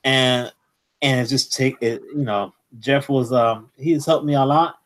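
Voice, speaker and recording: A man's voice: medium pitch, unhurried. A man hosting a live comics show, telling a story in a rambling way with many restarts. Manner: rambling, lots of restarts and fillers. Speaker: host. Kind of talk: casual live-stream chat.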